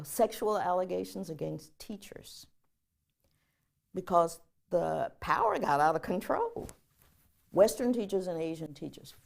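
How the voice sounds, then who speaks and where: A woman professor giving a public lecture, telling stories in a lively way and leading the audience in chanting. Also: fairly low pitch, vocal fry.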